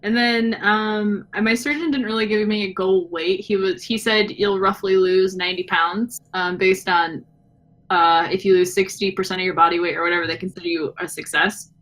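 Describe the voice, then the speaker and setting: A woman's voice: medium pitch, fairly even intonation, fairly quick, fairly bright tone. A young adult woman chatting as a podcast guest, laughing often and acting out quoted dialogue as she tells a story. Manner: giggly storyteller who acts out quoted dialogue. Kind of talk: casual podcast chat.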